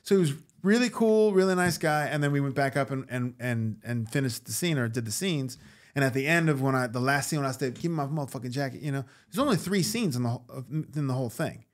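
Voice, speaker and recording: Animated man telling a story. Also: medium pitch, quick pace. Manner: animated, acts out voices in anecdotes. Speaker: guest actor. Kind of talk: casual storytelling interview.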